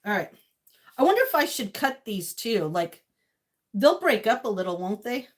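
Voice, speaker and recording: A woman's voice: medium pitch, sing-song, moderate pace. A woman vlogging as she cooks, rambling to herself and her viewers and laughing often. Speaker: cooking vlogger. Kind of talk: casual kitchen chatter to viewers. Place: home kitchen. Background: clinking dishes and cutlery.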